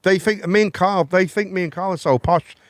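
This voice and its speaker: A man's voice: high-pitched, a little fast, dry recording. An English man hosting a casual chat show, rambling and cheeky with a jokey manner. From England. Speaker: host.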